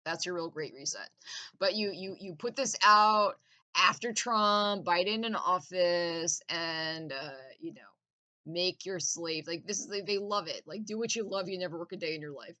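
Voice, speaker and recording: A woman's voice: fairly low pitch, normal speed, pushed and bright, low-quality recording. A woman in a casual, profane, intense rant with laughing asides.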